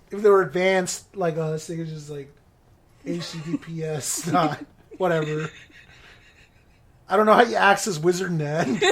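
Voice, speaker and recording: Podcast host, rambling comic retelling, frequent swearing and laughter. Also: mid-range voice.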